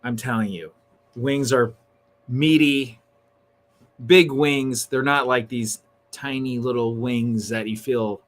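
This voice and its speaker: A man hosting a casual livestream, chatting excitedly and tossing in slang like "dude" and "bro". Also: mid-range voice, slow. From Northern California. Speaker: livestream host.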